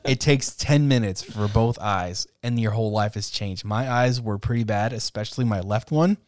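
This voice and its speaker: A man's voice: fairly low pitch, moderate pace, darkish tone, no room sound, studio quality. A man co-hosting a casual podcast, talking in a laid-back, self-deprecating way and laughing often. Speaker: podcast co-host.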